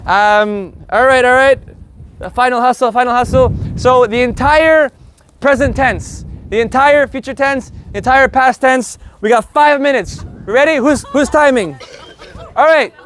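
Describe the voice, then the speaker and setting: A man teaching a live group Spanish lesson in an energetic, joking, profane way. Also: very high voice, unhurried, slight background noise.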